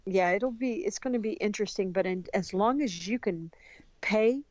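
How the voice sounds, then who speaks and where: Animated talkative American woman guest. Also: medium pitch, normal speed, dry recording, lo-fi sound. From United States. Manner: animated and talkative, many restarts. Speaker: podcast guest. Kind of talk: casual conversation.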